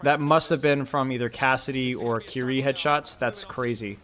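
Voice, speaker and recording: Co-streaming an esports match, this young man jokes around with his chat and explains the plays as they happen. His medium-pitched voice moves at a moderate pace, and his manner is lively and playful, addressing viewers directly.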